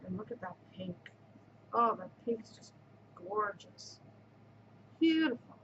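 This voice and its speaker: A woman's voice: mid-range voice, expressive, slow pace, lo-fi sound, background noise. A middle-aged woman hosting a knitting podcast, gushing effusively over yarn in casual show-and-tell chat and repeating her words of praise.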